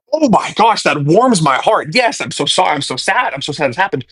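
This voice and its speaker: Guy in his 20s rambling to his followers, kinda high voice, keeps going off on tangents. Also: a bit bright, husky. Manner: rambling, drifts off on tangents and restarts sentences. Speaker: social media personality answering followers. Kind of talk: casual chat straight to followers.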